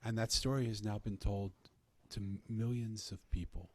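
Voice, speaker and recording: A man's voice: fairly low pitch, steady tone, moderate pace, darkish tone, no echo. A man earnestly telling a personal story in conversation, often restarting his phrases. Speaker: podcast guest telling a story.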